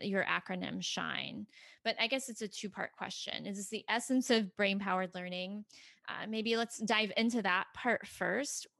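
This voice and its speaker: A woman's voice: medium pitch, vocal fry, a bit bright, no echo, studio quality. A woman hosting a podcast interview, affirming her guest and asking multi-part questions. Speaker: podcast host. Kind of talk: interview conversation.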